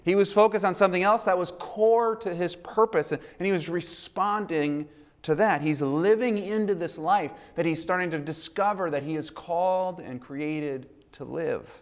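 A man's voice: high-pitched, normal speed. A man preaching a sermon in a conversational, earnest way. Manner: conversational, earnest, acts out quoted dialogue. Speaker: pastor.

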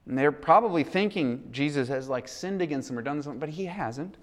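A man's voice: a little high, expressive, fairly quick. A man preaching a sermon in a conversational, earnest way. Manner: conversational, earnest, acts out quoted dialogue. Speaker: pastor.

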